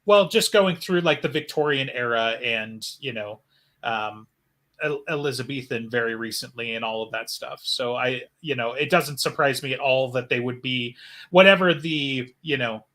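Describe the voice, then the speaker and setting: A man's voice: medium pitch, normal speed, pushed and bright. A man co-hosting a casual fan podcast, rambling and speculative with lots of fillers. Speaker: podcast co-host.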